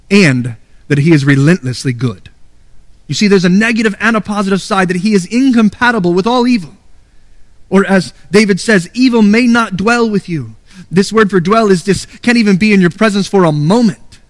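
A man's voice: high-pitched, no echo. A man preaching a sermon as a pastor, earnest and emphatic, reading and quoting scripture.

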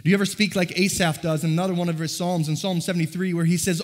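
A pastor delivers his sermon, pressing the congregation with one rhetorical question after another in an earnest tone. His voice sits a little high for a man. The sound rings out with the long reverb of a large church hall. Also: flat delivery, fast, few pauses. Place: church sanctuary.

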